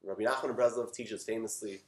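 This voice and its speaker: Fervent rabbi in an echoey room. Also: male voice, on the low side, steady tone, fast. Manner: storytelling, rising to loud fervor then dropping quiet. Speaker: rabbi giving a talk. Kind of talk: animated sermon.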